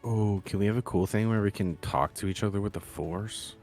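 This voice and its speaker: A man's voice: fairly low pitch, brisk, darkish tone, faint music behind. A man playing a tabletop game, joking and playful in casual chat. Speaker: player.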